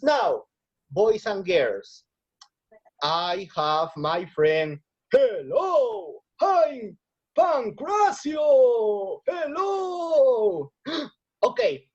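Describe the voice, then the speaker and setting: A woman's voice: mid-range voice, darkish tone, highs cut off. A woman teaching English vocabulary to children in an online lesson. She is encouraging, repeats phrases and switches into Spanish. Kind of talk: online lesson for young learners.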